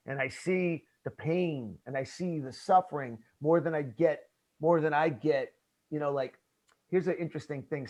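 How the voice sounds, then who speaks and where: A man telling a story in casual conversation, acting out his own past lines and calling his listener bro. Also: medium pitch. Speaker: podcast host.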